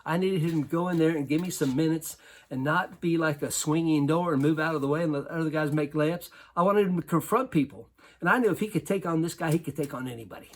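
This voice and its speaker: Husky-voiced man telling a coaching story. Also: on the high side, fast talker. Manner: animated, laughs often while telling. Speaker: basketball coach. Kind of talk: storytelling talk.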